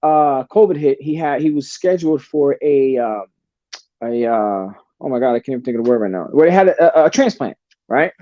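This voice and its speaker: Blunt, profane male guest, swears freely, mellow tone, dry close sound. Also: medium pitch, expressive, brisk, no room sound, highs cut off. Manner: blunt and profane, calls the host brother. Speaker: podcast guest. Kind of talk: casual storytelling.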